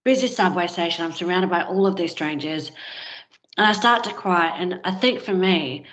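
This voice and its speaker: A woman's voice: on the low side, moderate pace, a bit bright. A woman guest candidly telling a personal story in conversation, frank and unpolished, with plenty of filler words. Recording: dull, lo-fi sound.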